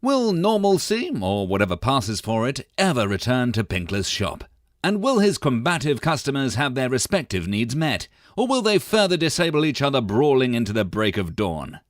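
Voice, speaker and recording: A man's voice: mid-range voice, very animated, normal speed, no room sound, clean studio sound. Wry British male announcer. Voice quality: theatrical, wry. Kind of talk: scripted narration.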